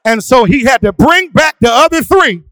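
A male preacher who swings from hushed, quiet asides to sung, shouted preaching. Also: very high-pitched, expressive, normal speed, dry recording. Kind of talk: sermon.

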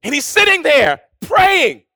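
A man preaching a sermon, building to shouted, rhythmic repetition and then dropping to hushed, drawn-out phrases. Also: very high voice, huge pitch swings, no room sound, clean studio sound.

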